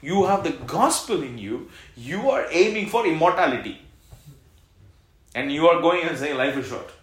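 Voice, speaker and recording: A man preaching a sermon as pastor, calling out lines for the congregation to repeat and swinging between loud exhortation and soft reassurance. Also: fairly high pitch, expressive, moderate pace. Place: church hall. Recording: echoey church hall.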